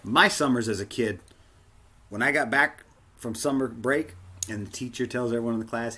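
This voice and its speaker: A man preaching a sermon, telling a personal story and acting out the dialogue in it. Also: normal speed. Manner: animated, acts out dialogue with big pitch jumps. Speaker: pastor.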